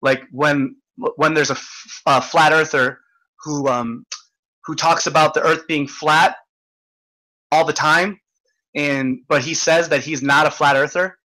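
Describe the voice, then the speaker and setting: A man's voice: a little high, fairly even intonation, a little slow, bright, forceful tone, poor audio. A man hosting an online hangout, ranting in casual chat, swearing and restarting often. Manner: profane, ranting, stammering restarts. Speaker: host.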